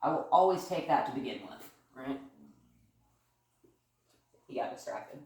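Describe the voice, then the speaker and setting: A woman's voice: very deep voice, animated, unhurried, a little mellow. A woman dog trainer giving a casual demonstration at home, chatty and upbeat, often praising the dog. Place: living room at home with a couch. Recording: echoey room from far off.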